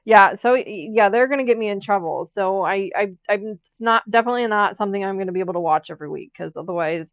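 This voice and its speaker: A woman's voice: medium pitch, fast, dry recording, muffled recording. A woman hosting a live quilting stream, chatting casually and rambling while she sews, laughing often. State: has the hiccups. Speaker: quilting channel host. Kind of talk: casual chat during a live sewing stream.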